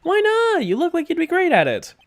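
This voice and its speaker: A woman's voice: very high voice, fairly quick, pitched above the performer's own voice, full character voice. A woman voicing a bubbly, cheeky teenage girl who is a spirit medium in a video game. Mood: excited. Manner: excitable, teasing.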